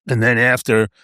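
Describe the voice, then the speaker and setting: A man's voice: mid-range voice, a bit bright, no echo, clean studio sound. An older American man with a New York accent, a veteran guest telling stories in a casual, rambling way, full of fillers and restarts and acting out what people said. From United States. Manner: acts out quoted voices. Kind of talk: casual storytelling.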